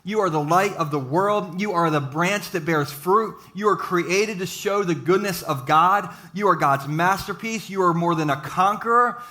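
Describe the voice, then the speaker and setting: A man preaching a sermon to a live church audience, mixing jokes and quick asides with his encouragement. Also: high voice, bright, forceful tone. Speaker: pastor.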